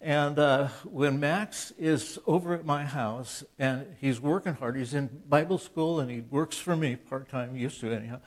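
A Christian author in his seventies preaches informally and conversationally, rambling with restarts and asides and acting out quoted dialogue in an earnest, plainspoken way. His medium-pitched voice moves a little slowly with hardly any pauses.

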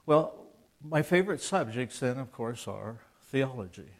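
A man's voice: mid-range voice, lively intonation, unhurried. An older man in his seventies talks about faith in a loose, conversational preaching style. He is earnest and plainspoken, restarts his sentences, and drifts into asides and acted-out exchanges. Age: 70s. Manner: earnest and plainspoken, acts out quoted dialogue. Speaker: Christian author and speaker. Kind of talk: informal preaching talk.

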